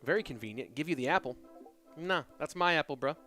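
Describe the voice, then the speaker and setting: A man's voice: on the high side, animated, fast talker, bright, forceful tone, soft background music. A man hosting an esports live stream, chatting in a laid-back, joking way. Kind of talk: casual live-stream commentary.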